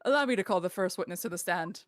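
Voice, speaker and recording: A woman's voice: on the low side, expressive, fast talker, lightly acted. A woman voicing a stern, formal courtroom prosecutor from a video game, with stiff old-fashioned diction. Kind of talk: reading game dialogue aloud on stream.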